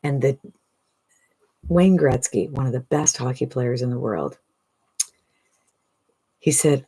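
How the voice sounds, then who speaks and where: A woman in her sixties giving an enthusiastic, persuasive direct-to-camera sales pitch as an online business coach, often asking "right?". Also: a little slow, pauses often, dark tone, husky. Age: 60s.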